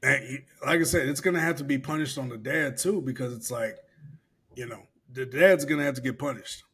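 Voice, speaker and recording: A man's voice: mid-range voice, a little fast, a bit bright, breathy edge. Laid-back profane podcast guy. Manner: loose, profane, laughing while reading aloud. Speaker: podcast co-host. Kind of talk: casual podcast chat.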